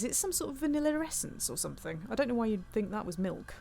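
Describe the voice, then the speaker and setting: A woman's voice: a little high, sing-song, fast talker, vocal fry, over music. A woman streaming a cooking game, chatting playfully and reading viewer comments aloud. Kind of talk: casual gameplay commentary.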